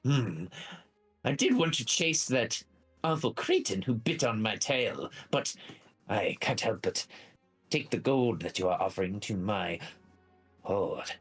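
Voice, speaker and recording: A man's voice: fairly low pitch, sing-song, unhurried, long pauses, husky, soft background music, full character voice. A man voicing a polite, greedy male plesiosaurus sea monster with a prim, fussy manner. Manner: prim, fussy, genteel speech.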